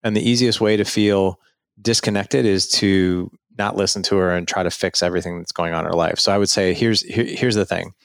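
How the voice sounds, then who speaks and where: A man's voice: low voice, a little fast, creaky, no room sound, studio quality. A middle-aged man talking as a podcast guest, earnestly coaching men on marriage and acting out little scenes as he explains. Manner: earnest, animated storytelling with acted quotes. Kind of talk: casual advice conversation.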